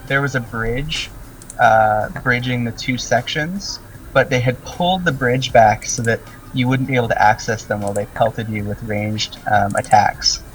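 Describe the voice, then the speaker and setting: A man's voice: mid-range voice, a bit bright. Man narrating as game master. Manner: descriptive, full of "um" and "like". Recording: distant mic with faint music.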